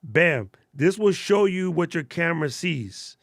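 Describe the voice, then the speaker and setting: A man chats casually about cameras and lights on a live stream, throwing in slang and answering viewers as he goes. His voice sits fairly high with a gravelly edge. The sound is dry and close, with little room to it. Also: animated, a little slow, fairly bright tone, no room sound. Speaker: host of a live gear stream.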